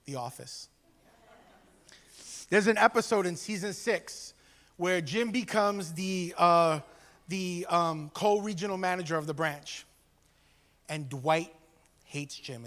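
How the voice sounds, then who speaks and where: A man preaching a conversational sermon as pastor, acting out quoted voices along the way. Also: sits high. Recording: long hall reverb.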